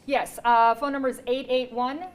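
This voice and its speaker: A woman's voice: high-pitched, fairly even intonation, normal speed, poor audio. A woman hosting a medical talk show from a TV studio, chatting casually and joking at her own expense. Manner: chatty, joking, self-deprecating.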